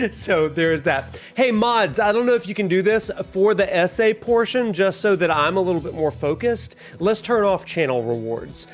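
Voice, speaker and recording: A man hosting a casual livestream, chatty and upbeat, laughing often. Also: a little high. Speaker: livestream host. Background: soft lo-fi music.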